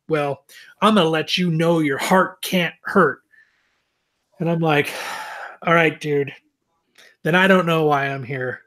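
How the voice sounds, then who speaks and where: Animated, swearing podcast man telling a story. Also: fairly high pitch. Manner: animated, swears a lot, self-mocking. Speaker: podcast co-host. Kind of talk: casual storytelling chat.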